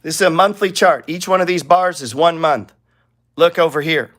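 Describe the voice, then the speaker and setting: Brief: high-voiced male trading teacher, blunt and profane, talks through charts with rhetorical questions. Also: normal speed, a bit bright. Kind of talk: live trading lesson with charts.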